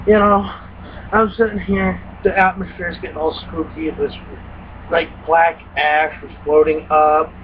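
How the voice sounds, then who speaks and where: A high-voiced young man tells rambling, profane stories, acting out his own startled reactions. The sound is thin and phone-like, with a faint hiss behind it. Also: unhurried. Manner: profane, animated retelling with quoted reactions. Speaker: gaming vlogger. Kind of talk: casual rambling story.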